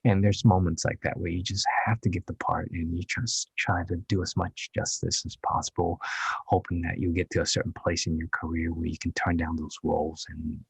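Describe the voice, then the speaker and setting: Male guest actor in his fifties, low raspy voice, candid and hesitant storytelling. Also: little pitch movement, no room sound. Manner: halting and reflective, with many restarts.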